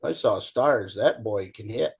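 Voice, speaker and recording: A man's voice: on the low side, measured pace, creaky, slightly rough. A middle-aged man telling folksy stories in casual chat as a show guest, acting out the people in them. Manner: folksy, animated storyteller, acts out shouting coach.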